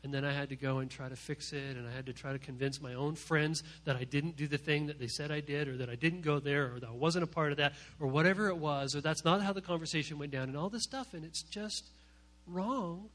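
A man preaching an animated sermon to young people, swinging from hushed asides to loud outbursts and acting out what people say. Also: fairly high pitch, brisk. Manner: animated, swings from hushed to shouting, acts out quotes. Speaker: youth pastor.

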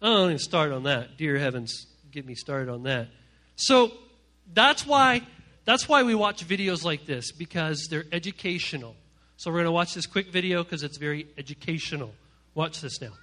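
A man preaching to a youth group from a stage, animated and joking as he acts out the voices of the people he quotes. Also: on the high side, normal speed. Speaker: youth pastor. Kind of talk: energetic comic sermon to a youth group. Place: stage before a live audience.

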